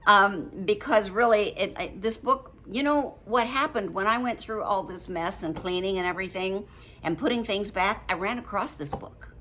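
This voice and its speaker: A woman in her late seventies reviews a book in a relaxed to-camera chat, speaking at normal speed in a medium-pitched, slightly bright voice. She rambles a little, ums a lot, and laughs often, and there's a little hiss or hum.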